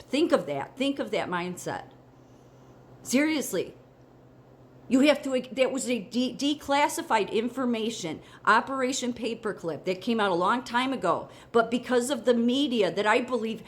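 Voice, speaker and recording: An American woman talks straight to her audience in a casual, indignant rant, pitched in the middle for a woman. She circles back on herself with restarts and repeated phrases as her frustration builds. It sounds like an off-the-cuff vlog. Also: a little hiss or hum. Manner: heated, indignant, rambling with restarts. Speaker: political commentary vlogger. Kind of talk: casual opinion monologue.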